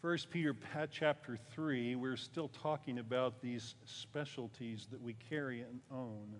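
A man preaching a sermon in a conversational way, rising for emphasis and then dropping low. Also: measured pace, a little hiss or hum. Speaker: pastor. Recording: long hall reverb.

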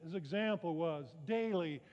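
A man's voice: fairly high pitch, animated, measured pace, a little mellow. A man preaching a sermon, talking conversationally with rhetorical questions and self-deprecating asides. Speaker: pastor. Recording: muffled sound with long reverb in a large hall.

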